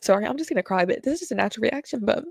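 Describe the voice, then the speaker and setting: A woman's voice: a little high, lively intonation, racing, vocal fry, dry recording. A young woman telling a painful personal story to her viewers, rambling and slangy with many fillers, nervous and close to tears. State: nervous, sweating.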